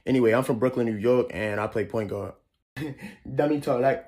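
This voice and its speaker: A man's voice: on the low side, a little fast, darkish tone. A man doing a brash team-coach bit in a comedy sketch.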